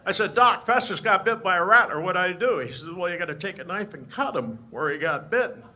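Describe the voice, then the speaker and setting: An old cowboy drawls in a slightly lowered voice, stuttering and repeating himself as he spins a yarn, as a man puts him on. It is a stand-up impression. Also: lively intonation, a little fast, bright, forceful tone, exaggerated voice. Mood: drawling. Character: drawling, stammering old male film cowboy.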